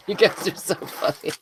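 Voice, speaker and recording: A woman hosting a live craft stream, chatting casually with viewers by name and poking fun at her own mistakes. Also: background noise. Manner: chatty, self-deprecating, talks to viewers by name. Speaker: craft video host.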